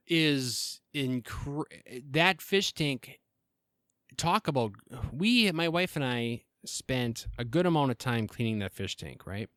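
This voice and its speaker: A man's voice: medium pitch, fairly bright tone, dry recording, clean studio sound. Rambling, joking male podcast host. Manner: rambling, self-interrupting, profane and joking. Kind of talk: casual solo podcast monologue.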